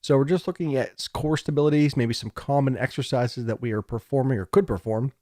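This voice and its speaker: A man's voice: mid-range voice, a little fast, darkish tone, dry recording, studio quality. A man giving a casual, digressive recorded lecture, joking along the way, his throat a little scratchy. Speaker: college lecturer.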